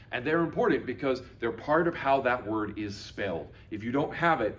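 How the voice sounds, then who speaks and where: A man teaching a children's lesson on video, his pitch swinging up and down with lively emphasis. He says each word slowly and repeats it so young learners can follow along. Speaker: Latin teacher.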